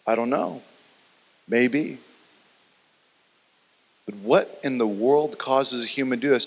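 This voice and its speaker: A male pastor delivers a sermon with dramatic storytelling, sinking his voice low and quiet to draw listeners in. His pitch sits in an ordinary middle range. The sound carries a long reverb from a large hall. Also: takes it slowly, creaky, long pauses.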